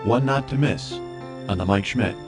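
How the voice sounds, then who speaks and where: A man announcing a dramatic trailer for a podcast with a grave, booming delivery. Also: normal speed. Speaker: promo announcer. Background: music.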